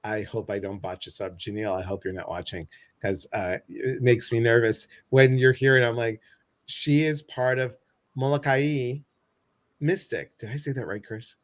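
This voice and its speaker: A man's voice: lowish voice, flat delivery, a little fast. This is a chatty man with a Midwestern American accent hosting a live online show. He talks in an effusive, joking way and calls out viewers by name. His voice comes through a video-call mic. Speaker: host. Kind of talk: casual livestream chat.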